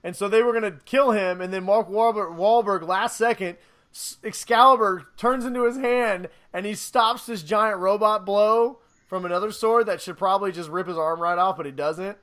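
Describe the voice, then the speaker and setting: High-voiced man rambling excitedly. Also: normal speed. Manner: rambling, excited, laughs often. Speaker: podcast co-host reviewing a movie. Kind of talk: casual podcast chat.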